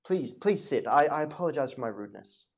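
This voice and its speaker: A man's voice: medium pitch, lively intonation, fast talker. A man voicing a weary, courteous travelling merchant who speaks formally and stumbles over his words. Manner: formal, stammering, apologetic.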